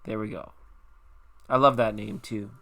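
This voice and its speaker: A man's voice: lowish voice, fairly even intonation, measured pace, vocal fry, sharp tone. A man hosting a live tarot stream, chatting casually and reassuring viewers by name.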